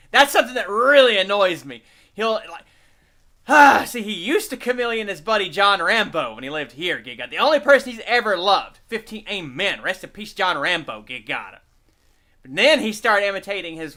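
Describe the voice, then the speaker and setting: A man's voice: high voice, sharp tone. A man giving casual, profane, mocking commentary over a video, laughing and repeating catchphrases.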